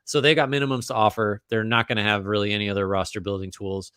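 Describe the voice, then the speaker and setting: A man's voice: on the low side, flat delivery, fast, pushed and bright, clean tone, no echo, studio quality. A man co-hosting a casual basketball podcast, thinking aloud with frequent restarts and fillers. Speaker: podcast co-host. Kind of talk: casual basketball analysis chat.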